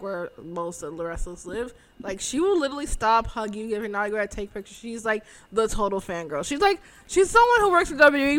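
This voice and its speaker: A woman co-hosting a casual chat, excitable and swearing freely as she acts out her own reactions. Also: mid-range voice. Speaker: podcast co-host.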